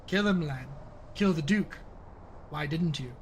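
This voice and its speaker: A man reading the lines of a gruff older male rebel leader in his own game, blunt and scolding. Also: a little high, a little slow, slight background noise, natural voice.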